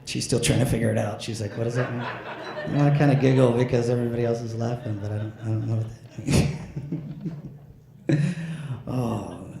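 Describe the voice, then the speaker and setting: A man's voice: medium pitch, vocal fry, mellow. A man doing a stand-up comedy set, tipsy, rambling with many fillers and restarts. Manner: rambling, halting delivery with frequent fillers and restarts. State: a bit drunk. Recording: echoey room with faint ambience.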